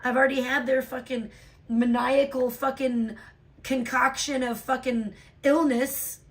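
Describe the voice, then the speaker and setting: A woman hosting a casual livestream, recovering from a sore throat and ranting with heavy profanity, jumping from low, tired talk to loud outbursts. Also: flat delivery, unhurried. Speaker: livestream host. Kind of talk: casual livestream chat reading donations.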